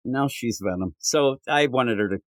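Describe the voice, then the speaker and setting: A man's voice: mid-range voice, moderate pace, no echo. A man co-hosting a comic book podcast, recapping issues in casual chat and acting out the dialogue. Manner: animated, acts out dialogue in voices.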